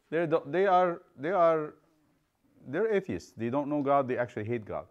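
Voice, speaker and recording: A man's voice: on the high side, normal speed, dull audio. Man teaching a Bible class. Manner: questions the class, retells stories with voices.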